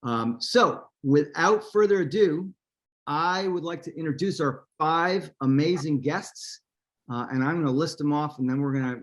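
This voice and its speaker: A man hosts a casual wine tasting over a video call, a touch high in pitch. He talks in an upbeat, chatty way with plenty of ums along the way. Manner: upbeat, lots of fillers. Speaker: host of a virtual wine tasting. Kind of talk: casual hosting.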